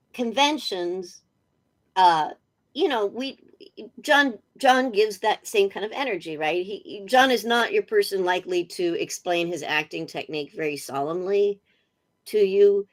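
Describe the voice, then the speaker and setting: A woman's voice: mid-range voice, a little slow. A middle-aged woman, a guest on a casual interview over a video call, telling funny anecdotes with lots of energy and laughter. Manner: animated storyteller, laughing often.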